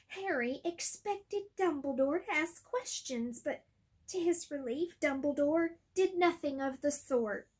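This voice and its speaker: A woman reading a novel aloud, with measured, expressive narration. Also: sits high. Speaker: reader. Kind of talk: audiobook reading.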